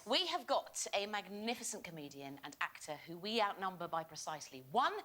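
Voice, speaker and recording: A woman's voice: fairly low pitch, very animated, brisk, very noisy. A woman co-hosting a chat show, teasing her partner with mock outrage and introducing guests. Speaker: co-host of a daytime chat show. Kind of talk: comic banter and introductions. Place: studio with live audience.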